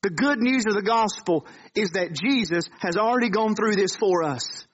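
A man's voice: sits high, lively intonation, moderate pace, lo-fi sound, slight background noise. A man preaching a sermon in a church, pleading with his listeners in earnest, repetitive appeals. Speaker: pastor. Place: church sanctuary.

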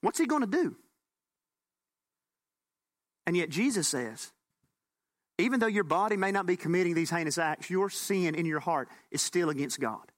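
A man pastor preaching a sermon, animated and folksy with bits of humor. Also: high voice, brisk.

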